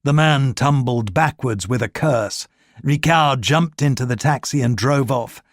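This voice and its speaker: A man reading a wartime thriller audiobook in a measured, steady storytelling manner. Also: medium pitch, no room sound, studio quality. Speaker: audiobook narrator. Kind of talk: scripted narration.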